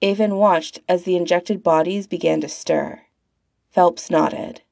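A woman's voice: fairly low pitch, steady tone, a little slow, creaky, a little mellow, no room sound, clean studio sound. A woman reading a fan-written story aloud as a narrator, putting on voices for the characters. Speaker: fan fiction reader.

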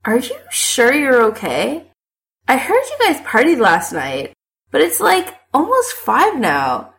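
A woman reading an audiobook voices an excitable, blunt young woman who gushes and squeals. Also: takes it slowly, creaky, a little hiss or hum, exaggerated voice. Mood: chatty. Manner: high, gushing, loud squeals. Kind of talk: audiobook character voice.

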